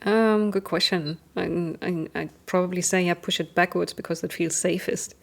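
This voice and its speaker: A woman's voice: fairly low pitch, steady tone, normal speed, gravelly. A woman hosting a board game demo, thinking aloud in a friendly, slightly hesitant way. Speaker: host of the game session. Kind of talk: casual play chat during a board game demo.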